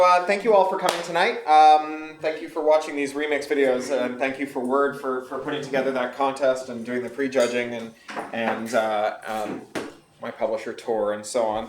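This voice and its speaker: A man in his forties, an author giving a fast, articulate talk about his novel at a bookstore event. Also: on the high side, background noise. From Canada. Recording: echoey room recorded from far off.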